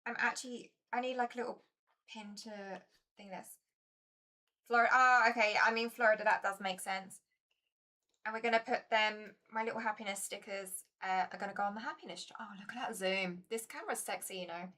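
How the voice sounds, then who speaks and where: A woman's voice: medium pitch, fairly even intonation, fairly quick, sharp tone. A woman chatting casually to her viewers while playing a board game, chatty and self-mocking.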